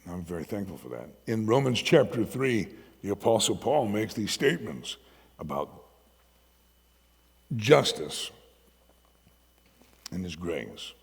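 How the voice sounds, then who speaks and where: A middle-aged man preaching a sermon as a pastor, telling a story that swings from hushed asides to loud emphasis. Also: lowish voice, big pitch swings, slow pace, vocal fry, pauses often, husky. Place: church sanctuary. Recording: long hall reverb.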